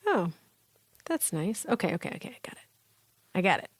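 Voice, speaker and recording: A woman co-hosts a podcast in a loose, playful chat full of giggles and quick asides. Her voice sits at a middle pitch. The recording is dry and close. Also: very animated, slightly rough, no echo. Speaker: podcast co-host.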